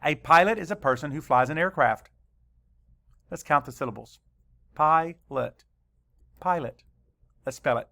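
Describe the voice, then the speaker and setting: Man, teacher, spelling lesson for kids, slightly high voice, very slow and deliberate. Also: vocal fry, bright, forceful tone.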